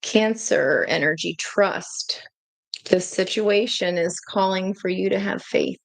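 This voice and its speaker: A woman giving a casual tarot reading to her viewers, chatty and excitable, breaking into gushing exclamations. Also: mid-range voice, unhurried, gravelly, dry recording. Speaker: tarot reader.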